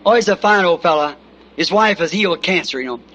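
A preacher with a Southern American accent spins a folksy sermon story, his voice pitched high and ringing bright. He leans on homespun phrases and keeps asking "See?" to his listeners. The sound is an old tape recording from the 1960s. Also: expressive, fast talker, slight background noise. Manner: folksy anecdotes with repeated "See?". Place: church meeting with congregation.

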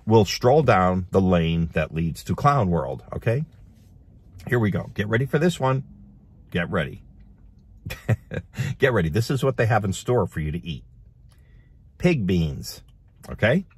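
A middle-aged man hosting a casual commentary show, reading headlines aloud and adding animated, laughing remarks. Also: low voice, measured pace, pauses often, husky, dry recording. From United States. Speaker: host.

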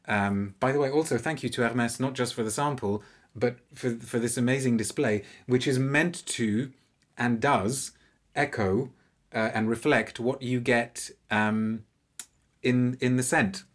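A man hosting an unscripted live review, chatty and animated, with frequent restarts. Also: medium pitch. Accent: non-French, anglicised French pronunciation.

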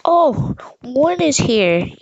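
A high, wildly swooping voice of an excitable, lovestruck hamburger character, played by a woman. It lurches from shrill squeals to sulky grumbles, and it drags its words out slowly in an over-the-top comic reaction. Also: muffled recording, heavily acted. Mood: gleeful. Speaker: reaction commentator. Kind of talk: comedic reaction commentary in character.

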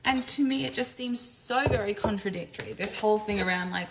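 A woman's voice: on the high side, brisk, few pauses, slight background noise, poor audio. A woman who coaches businesses, venting in a casual, frank and profane vlog while making coffee at home. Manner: frank, profane, exasperated, chatty. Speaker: business coach and community owner. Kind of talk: casual vlog rant to camera.

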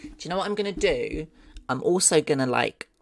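A woman's voice: low voice, lively intonation, a little fast, gravelly. A woman streaming live as she learns 3D modeling. She thinks aloud, talks to her chat and swears with delight when something turns out well.

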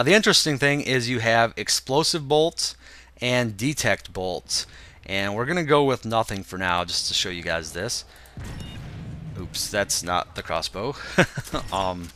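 A young gaming video host with a congested, stuffed-up voice gives casual walkthrough commentary, thinking aloud in a relaxed way with plenty of fillers. His voice sits on the low side, his pace is measured with long pauses, and the background is noisy.

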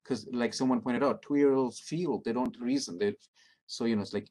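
A middle-aged man leading an interactive training workshop, speaking calmly and encouragingly as he reads out answers from the audience. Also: medium pitch, normal speed. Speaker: workshop presenter.

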